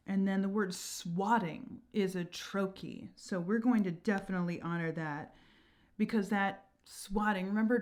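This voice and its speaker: A woman explaining poetic meter in a chatty lesson, reading quoted lines slowly and softly. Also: mid-range voice. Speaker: verse teacher.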